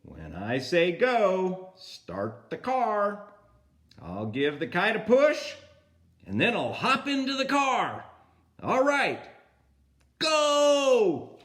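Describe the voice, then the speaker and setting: A man's voice: sits high, huge pitch swings, extremely slow, a bit bright, pitched above the performer's own voice, full character voice. An older man reading a storybook aloud, voicing a bumbling father bear who is keen to launch his kite. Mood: eager.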